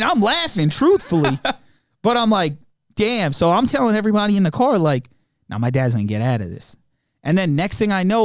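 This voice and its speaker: A young man tells a family story on a podcast, slangy and laughing as he acts out the lines. His voice sits fairly high, and the recording is dry and close. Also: no echo. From Long Island, New York. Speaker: podcast co-host. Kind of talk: casual storytelling chat.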